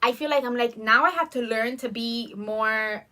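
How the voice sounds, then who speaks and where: Bright, animated young woman. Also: on the high side, moderate pace. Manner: animated, many "like" fillers, acts out quotes. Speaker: vlogger. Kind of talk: casual storytelling over lunch.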